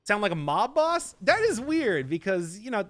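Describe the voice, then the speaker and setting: A man's voice: sits high, sing-song, moderate pace, a bit bright. A young man from Wisconsin with a Midwestern accent, chatting and laughing through live game commentary with odd emphasis on words. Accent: Midwestern American. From Wisconsin, USA. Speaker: game streamer.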